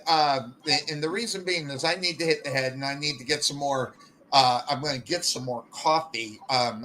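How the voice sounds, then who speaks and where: Casual male sports radio host, bright forceful voice, stumbling restarts, faint ambience. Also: mid-range voice, slight background noise, rough recording. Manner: rambling, stammering restarts.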